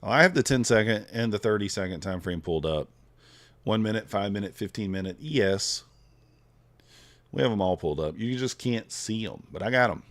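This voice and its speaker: Low-voiced laid-back male streamer. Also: animated, fairly quick, fairly bright tone. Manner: laid-back, thinking aloud, chatting with viewers. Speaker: futures trader streaming live. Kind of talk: casual live-stream commentary.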